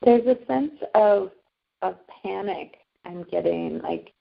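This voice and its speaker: A woman's voice: mid-range voice, sing-song, slow, vocal fry. A woman taking part as a client in a tapping session, thoughtfully describing her feelings and repeating the phrases back. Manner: reflective, laughs lightly, repeats phrases back. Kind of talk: candid conversation. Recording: dull, lo-fi sound.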